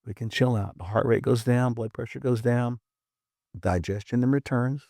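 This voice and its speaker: A middle-aged man explains health ideas with earnest, emphatic conviction. His voice has a gravelly edge and sits in a mid range. He is recorded close on a dry mic. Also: mid-range voice, normal speed, dark tone, no room sound. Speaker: podcast guest, doctor. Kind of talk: conversational explaining.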